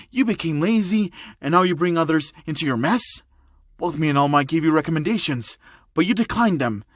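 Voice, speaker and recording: A man voicing a gruff old retired male hero teacher in a fan-made audio story, scolding and stern. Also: a little high, a bit bright, no room sound, clean studio sound.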